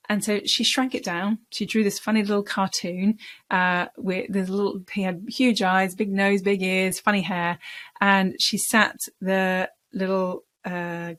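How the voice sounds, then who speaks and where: Woman coaching in a conversational tone. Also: mid-range voice. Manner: conversational, explanatory, with repeated emphasis. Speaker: speaking coach. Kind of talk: talking-head coaching lesson.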